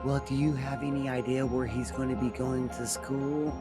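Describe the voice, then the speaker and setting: A man's voice: medium pitch, flat delivery, normal speed, over music, pitched above the performer's own voice, lightly acted. A man voicing a polite, anxious female teacher pleading to see a child.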